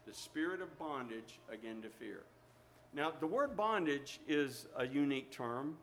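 A man preaching a sermon, telling a story with animated exhortations to his listeners. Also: medium pitch, a little slow, slight background noise.

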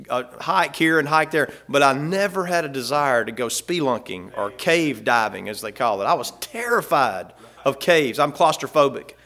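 A man's voice: fairly high pitch, sharp tone. A man preaching a sermon in a folksy way, rising and swelling when he reads scripture aloud. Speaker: pastor.

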